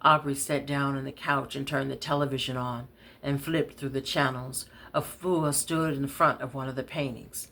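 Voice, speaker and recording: A woman reading her own novel aloud in a steady, conversational way. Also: very deep voice, moderate pace. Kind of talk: read-aloud storytelling.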